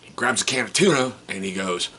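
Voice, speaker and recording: A man's voice: on the low side, expressive, a little fast, sharp tone, husky. A middle-aged man vlogging casually, telling a story in a rambling, chatty way that keeps correcting itself.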